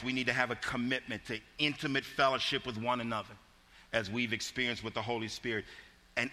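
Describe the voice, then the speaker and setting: A man's voice: medium pitch, pushed and bright, in a large hall. A man preaching a sermon, telling a folksy story with frequent restarts and repeated words.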